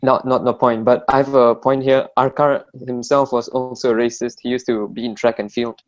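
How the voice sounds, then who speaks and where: A man's voice: medium pitch, little pitch movement, moderate pace, muffled recording. A young man from Singapore, joking bluntly in a casual podcast chat. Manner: joking, blunt, rambling with fillers. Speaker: podcast co-host.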